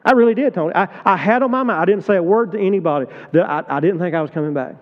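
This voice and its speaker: A middle-aged man preaching a sermon, swinging between loud urgent appeals and low, tender confiding. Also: very fast, long reverb tail, highs cut off. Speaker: pastor. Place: church sanctuary.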